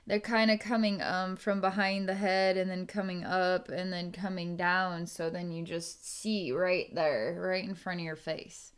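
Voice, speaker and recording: A woman psychic giving an energy reading, musing aloud in a halting way and restarting her sentences as she goes. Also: on the low side, steady tone, smooth. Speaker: psychic reader.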